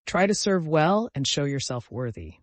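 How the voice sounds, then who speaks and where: A man reading an audiobook, voicing a cold, brusque aristocratic prince who speaks in a monotonous tone. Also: fairly high pitch, normal speed, no echo, natural voice.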